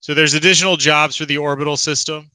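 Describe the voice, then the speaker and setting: A man guesting as a game developer, eager and explanatory, with a very bright, crisp, smooth voice. The sound is close and dry, with little room. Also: fairly high pitch, fairly even intonation, quick pace, dry recording, rough recording. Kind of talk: casual interview talk. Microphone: online voice call.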